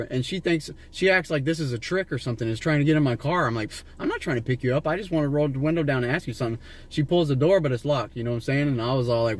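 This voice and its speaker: A man's voice: medium pitch, a little mellow. A man from Las Vegas tells a long, winding story from the driver's seat. He talks in a mid-range voice, swears freely and keeps circling back with "you know what I'm saying" and false starts. The sound comes from a handheld camera inside the car. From Las Vegas, USA. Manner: rambling and profane, with many fillers and restarts. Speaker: vlogger filming a street encounter. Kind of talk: casual rambling storytelling to a stranger.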